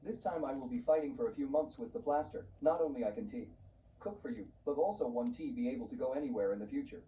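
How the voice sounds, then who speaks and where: Bitter self-pitying mother-in-law, voiced by a man, very dark tone, distant, dull audio, faint hiss. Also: medium pitch, fast talker, echoey room, lightly acted.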